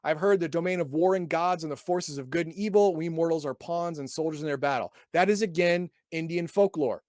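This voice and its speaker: A man's voice: fairly high pitch, a little fast, darkish tone, no echo, clean studio sound. Sarcastic man reading and riffing. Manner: sarcastic, reads passages then adds wry asides; stumbles and repeats words often. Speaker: podcast host reviewing a game book. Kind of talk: casual chat reading and riffing on a book.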